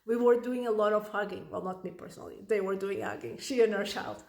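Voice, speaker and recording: Slightly high woman coaching parents. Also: echoey room. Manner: conversational, frequent "right?" tags and restarts. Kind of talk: advice talk to camera.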